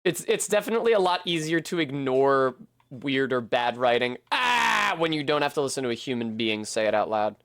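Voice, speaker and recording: A man's voice: medium pitch, sing-song, brisk, a bit bright, no room sound, studio quality. A man rambling casually and poking fun at himself while streaming a video game, swearing now and then. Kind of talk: casual commentary while playing.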